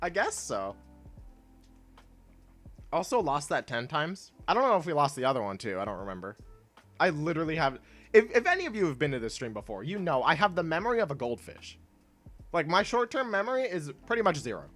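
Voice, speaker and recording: A man's voice: on the high side, big pitch swings, fairly quick, fairly bright tone, soft background music. Rambling young man streaming a game. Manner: rambling, laughs often, many "like" fillers and restarts. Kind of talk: casual gameplay stream chat.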